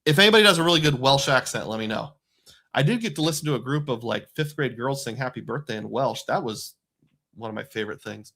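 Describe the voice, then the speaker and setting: A middle-aged man talks casually on a live stream at a mid-range pitch. He chats easily, reads out comments from viewers, and sprinkles in fillers as he goes. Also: expressive, fast, sharp tone. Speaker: livestream host.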